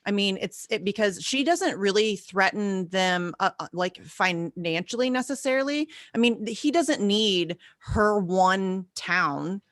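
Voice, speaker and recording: A woman's voice: medium pitch, lively intonation, unhurried, hardly any pauses, dry recording, studio quality. A woman co-hosting a podcast in casual chat, ranting in a fiery, profane way. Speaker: podcast co-host.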